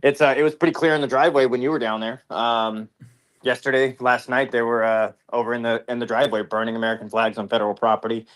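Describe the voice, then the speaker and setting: A man's voice: medium pitch, little pitch movement, quick pace, fairly bright tone. A man reporting as a guest in a rambling, casual way, with many fillers.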